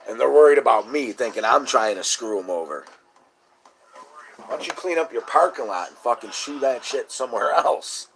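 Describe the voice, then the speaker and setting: An animated man with a mid-range voice and moderate pace hosts, spinning a lengthy, indignant tale in casual talk. He swears freely and eventually raises his voice to a shout.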